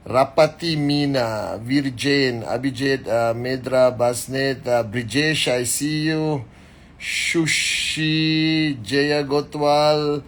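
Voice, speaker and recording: A man hosting a live stream, greeting viewers by name and giving a motivational talk in an energetic, casual way. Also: medium pitch. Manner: energetic, reads names quickly, speaks directly to the audience. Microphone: phone.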